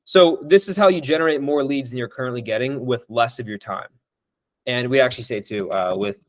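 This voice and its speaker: A man's voice: mid-range voice, fairly quick, dry recording. A young man coaching on sales in a casual monologue, acting out both sides of sales calls and using many fillers.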